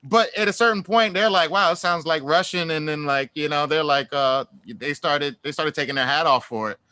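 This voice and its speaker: A man's voice: fairly high pitch, normal speed, smooth, no room sound. A man, a guest musician in a casual interview, telling stories in a rambling way with lots of fillers, restarts and laughter. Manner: animated, laughs through stories.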